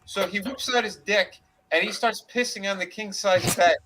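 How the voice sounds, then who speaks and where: Animated man retelling a wild story. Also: high-pitched, moderate pace, a little hiss or hum, low-quality recording. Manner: animated retelling with acted quotes and laughter, swearing freely. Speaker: podcast co-host. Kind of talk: casual storytelling chat.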